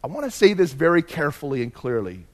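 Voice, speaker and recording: Animated pastor, higher-pitched man. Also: quick pace. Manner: animated storyteller, swings from hushed to loud. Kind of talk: sermon with personal storytelling. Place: church.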